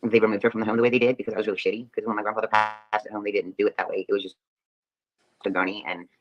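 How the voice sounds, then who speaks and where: A woman's voice: very deep voice, flat delivery, very fast, muffled recording. A woman livestreamer talking casually, rambling through an earnest apology.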